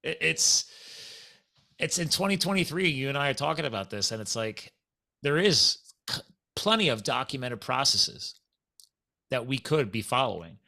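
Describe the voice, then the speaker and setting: A man's voice: medium pitch, very animated, normal speed, gravelly, bright, forceful tone. A man from the United States hosting a podcast in casual chat, making emphatic points straight to his listeners. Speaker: podcast host.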